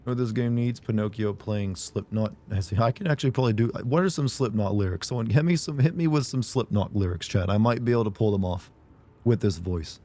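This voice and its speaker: A man with a hoarse, sick voice giving rambling, jokey commentary while streaming a game and chatting with viewers. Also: fairly low pitch, fairly quick, warm tone. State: hoarse from a sore throat. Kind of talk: casual gameplay commentary.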